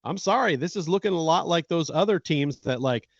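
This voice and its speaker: A man's voice: fairly high pitch, expressive, brisk, no room sound. A man co-hosting a casual sports podcast, blunt and opinionated, swearing freely as he vents about his team. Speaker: podcast co-host. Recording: dull dry lo-fi sound.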